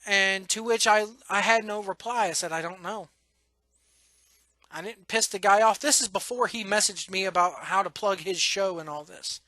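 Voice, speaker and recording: A man's voice: high-pitched, normal speed, sharp tone, no echo. A man hosting his podcast, venting frankly and emotionally, cursing and restarting his sentences. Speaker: podcast host. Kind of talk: blunt personal rant.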